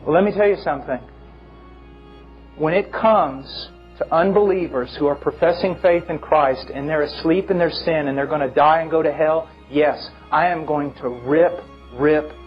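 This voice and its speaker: A man preaching a sermon with impassioned, emphatic delivery and big swings in pitch. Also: steady tone, normal speed, lo-fi sound, soft background music.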